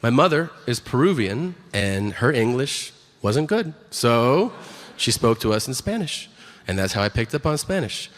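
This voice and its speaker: A man's voice: medium pitch, very animated, moderate pace, in a large hall. Dry, chatty male stand-up comic. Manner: dry, conversational, acts out voices of other people. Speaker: stand-up comedian. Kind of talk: stand-up comedy set. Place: theater stage before an audience.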